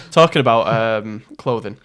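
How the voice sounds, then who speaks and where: A man's voice: medium pitch, lively intonation, unhurried, fairly bright tone. A man from England co-hosting a podcast, telling easygoing stories in casual chat and laughing at them. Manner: easygoing storyteller, laughs at his own stories. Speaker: podcast co-host.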